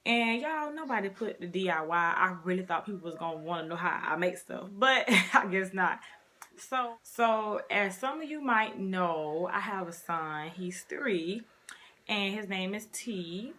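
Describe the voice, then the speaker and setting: A woman's voice: medium pitch, expressive, measured pace, pushed and bright. A woman in her twenties telling a casual storytime to her viewers, chatty and talking straight to them. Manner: chatty, addresses viewers as y'all. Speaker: vlogger.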